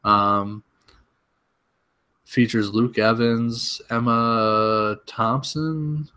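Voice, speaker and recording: A young man co-hosting a podcast, easygoing, running through topics with pauses. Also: mid-range voice, steady tone, pushed and bright, clear, resonant tone. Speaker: podcast co-host. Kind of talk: casual chat.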